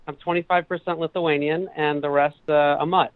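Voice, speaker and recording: A man's voice: fairly high pitch, steady tone, moderate pace, smooth, dry recording. A man calling in as a guest author, friendly and easygoing, over a phone line. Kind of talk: phone interview. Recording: tinny phone line with crowd behind.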